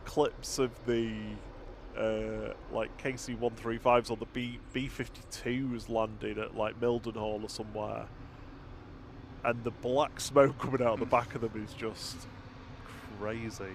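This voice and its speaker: A casual man talks through a live broadcast and greets viewers warmly by name. He laughs easily and speaks at an ordinary middle pitch. Clear outdoor noise from vehicles sits behind his voice. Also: level tone, measured pace. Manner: chatty, reads out viewer comments, laughs easily. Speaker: livestream co-host. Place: outdoors by an airport runway. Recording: outdoor noise, aircraft and traffic.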